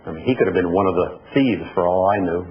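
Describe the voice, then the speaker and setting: Male motivational speaker, lowish voice, folksy storyteller; dull lo-fi recording in an echoey hall with faint noise. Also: fast talker. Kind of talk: storytelling keynote speech.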